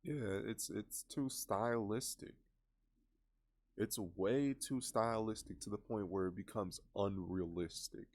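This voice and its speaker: Low gravelly dude ranting about a trailer, scoffing, fed up. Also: male voice, slow pace, a little mellow. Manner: scoffing, exasperated. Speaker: commentator reacting to a trailer. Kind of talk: casual reaction commentary.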